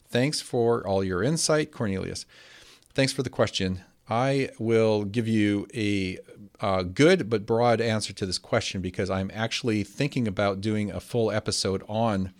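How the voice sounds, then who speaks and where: A man hosting a podcast, answering a listener's question in a measured, explanatory way. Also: lowish voice. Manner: explanatory, measured, steady teaching tone. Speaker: podcast host.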